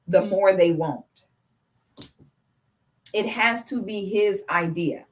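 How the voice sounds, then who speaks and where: A woman's voice: medium pitch, measured pace. A woman in her thirties giving blunt, profane, sarcastic commentary on a live stream. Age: 30s.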